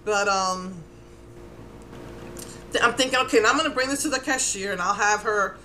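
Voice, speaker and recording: A middle-aged woman with a New York Puerto Rican accent, telling a story in a casual, animated way and acting out what people said. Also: medium pitch, moderate pace, slight background noise. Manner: animated, exasperated, acts out quotes. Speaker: vlogger.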